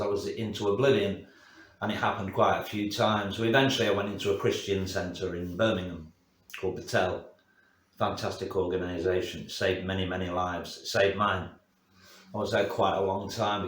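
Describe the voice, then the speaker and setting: A man in his fifties from northern England, telling his life story candidly in plain words, often pausing on fillers. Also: low-pitched. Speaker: guest sharing his testimony. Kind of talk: personal testimony interview. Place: church. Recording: echoey room.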